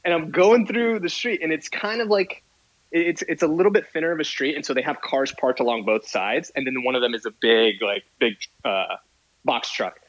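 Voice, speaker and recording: A man's voice: a little high, normal speed, dull audio. A man, a podcast guest, casually telling an exasperated story and acting out both sides of an argument. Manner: animated, exasperated retelling with quoted dialogue.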